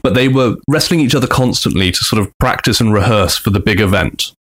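A man's voice: on the low side, a little fast. A man co-hosting a podcast, telling a story casually and acting out the quotes. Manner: animated, acts out quotes in big voices. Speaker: podcast co-host.

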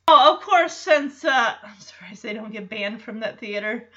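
High, lively woman recapping a sitcom. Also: moderate pace. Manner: animated, acts out quotes in voices, laughs often. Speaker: show recapper. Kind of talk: casual episode recap. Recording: slightly dull lo-fi sound.

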